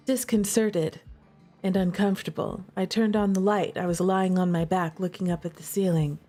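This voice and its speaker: A woman telling a ghost story in a chatty, animated way, full of restarts and fillers. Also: fairly low pitch, moderate pace, soft background music. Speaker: streamer. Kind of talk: casual storytelling.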